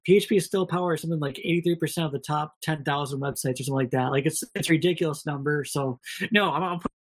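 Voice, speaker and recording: A man's voice: on the high side, very fast, slightly rough. A man with a Minnesota accent co-hosting a casual podcast, rambling and self-deprecating with lots of fillers. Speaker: podcast co-host.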